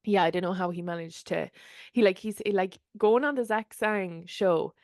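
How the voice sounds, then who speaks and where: A woman's voice: medium pitch, moderate pace, darkish tone, no echo. A woman co-hosting a casual pop culture podcast. She tells stories in a chatty, rambling way and laughs often. Her voice sits mid-range, recorded close and dry with no room sound. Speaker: podcast co-host. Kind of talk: casual chat.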